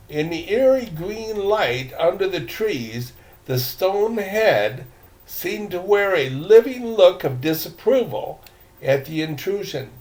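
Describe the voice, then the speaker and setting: An older man reading a storybook aloud, with playful, mock-fearful asides to his listeners. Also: a little high.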